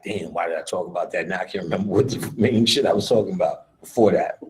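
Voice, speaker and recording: A man's voice: low voice, quick pace, darkish tone, slight background noise, poor audio. A man giving a live lecture in a loose, rambling, profane way, often laughing.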